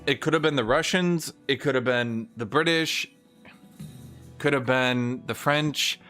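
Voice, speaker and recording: A man's voice: medium pitch, sharp tone, soft background music. Profane, opinionated male streamer. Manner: mimics historical nations in quick asides. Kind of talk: casual livestream rant while gaming.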